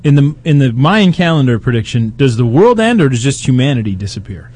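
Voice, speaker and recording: A man's voice: mid-range voice, very animated, fairly quick, a little mellow. A young man co-hosting a podcast, teasing and giggling in casual banter. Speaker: podcast co-host.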